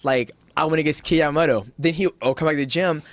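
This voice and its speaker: A man in his thirties, a professional fighter, telling lively stories on a podcast and acting out what others said, with frequent swearing. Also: on the high side, fast talker, no room sound. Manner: animated storyteller, acts out voices of others, swears freely. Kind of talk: casual podcast conversation. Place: podcast studio.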